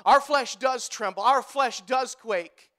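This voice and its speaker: A man preaching as a pastor, swinging between hushed lines and loud, pleading outbursts, with emphatic repeated phrasing. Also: very high-pitched, slow pace. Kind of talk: preaching a sermon.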